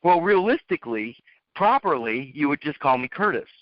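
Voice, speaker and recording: A man's voice: on the high side, big pitch swings, normal speed, no echo. A man giving a lecturing monologue, posing rhetorical questions and repeating his phrases for emphasis. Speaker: speaker. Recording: dull, dry lo-fi recording.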